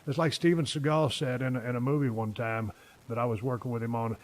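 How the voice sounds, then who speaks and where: A man's voice: medium pitch, steady tone, brisk. A man in his fifties hosting a casual podcast chat, telling long stories full of profanity. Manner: profane, rambling storyteller. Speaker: podcast host.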